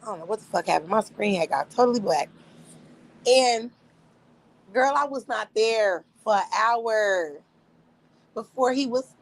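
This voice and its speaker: Animated, profane woman telling a story. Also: a little high, normal speed, rough recording. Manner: animated, profane, laughs often. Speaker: livestream host. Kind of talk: casual storytelling to viewers.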